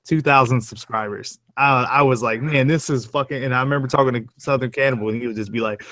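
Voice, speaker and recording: A young man jokes with a friend in loose, profane slang, often trailing off mid-thought. His pitch sits mid-range for a man, and the recording is dry and close. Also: fast talker, a bit bright, no echo. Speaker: fellow horror story narrator. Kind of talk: casual chat.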